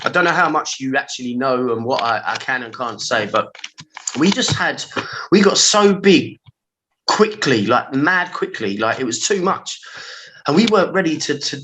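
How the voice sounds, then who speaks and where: A man in his forties with a London accent tells his stories in a casual podcast chat. His voice is bright and forceful, full of slang, and he acts out his own past reactions with vivid energy. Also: medium pitch, expressive, normal speed, low-quality recording. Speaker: podcast guest, former pirate radio engineer.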